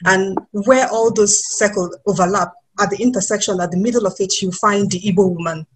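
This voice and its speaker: A Nigerian woman in her thirties speaks as a webinar panel guest over a video call. Her delivery is expressive and reflective, broken by easy laughter. Her voice sits in an ordinary middle pitch, with a faint hiss behind it. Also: fairly quick, poor audio. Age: 30s.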